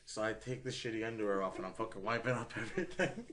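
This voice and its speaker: A man's voice: fairly low pitch, expressive, fast, fairly bright tone, slight background noise. A man co-hosting a podcast, telling a long story in casual chat, rambling and swearing constantly, often laughing mid-sentence. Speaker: podcast co-host.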